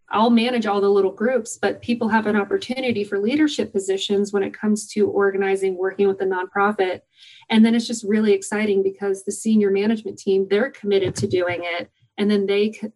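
A woman's voice: medium pitch, darkish tone, rough recording. Upbeat woman guest telling stories. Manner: enthusiastic, upbeat storytelling. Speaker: guest, company volunteer program organizer. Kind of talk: conversational interview answers.

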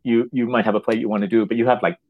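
A man who writes plays, talking casually in an interview, halting and restarting his words and acting out little quotes. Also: mid-range voice, fairly even intonation, narrow, tinny audio. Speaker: playwright.

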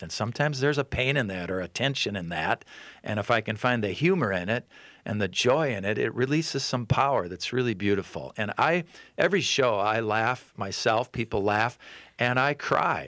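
A man's voice: lowish voice, no echo, studio quality. A man with an Upper Midwest American accent, a radio guest talking earnestly and animatedly in a casual interview. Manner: earnest and animated, often quoting others. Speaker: guest comedian and consultant.

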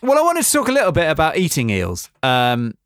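A man's voice: fairly high pitch, huge pitch swings, brisk, fairly bright tone, clean tone, no echo, studio quality. A man co-hosting a podcast, explaining facts in a chatty, giggly way. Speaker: podcast co-host. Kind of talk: casual explanatory chat.

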